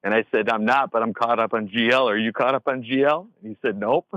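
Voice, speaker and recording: A man's voice: mid-range voice, fairly even intonation, quick pace, a bit bright, no echo, muffled recording. A man chatting casually and easygoing with a friend who phoned him. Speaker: friend taking a phone call.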